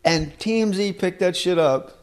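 A man's voice: high-pitched, moderate pace. A man hosting a podcast, chatting crudely and joking, often laughing and mimicking others. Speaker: podcast host. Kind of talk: casual comedic chat.

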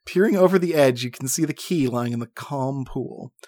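A man's voice: mid-range voice, animated, unhurried, a little mellow, dry recording, studio quality. A man reading an adventure gamebook aloud to friends, dramatic but often breaking into laughs and asides. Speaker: game narrator.

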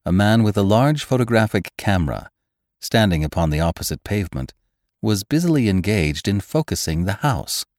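Deep male narrator reading an old story, lively pitch, dry close mic. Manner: expressive, measured. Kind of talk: audiobook narration.

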